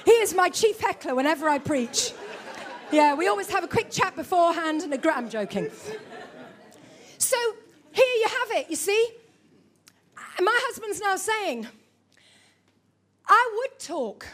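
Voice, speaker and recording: Very high-voiced woman preaching playfully. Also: moderate pace, long pauses, a faint crowd. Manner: lively, humorous, teasing the congregation. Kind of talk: sermon. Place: church before a congregation.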